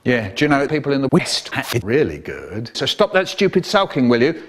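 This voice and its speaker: Animated storyteller man. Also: medium pitch, fairly quick. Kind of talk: comic storytelling, spliced from clips.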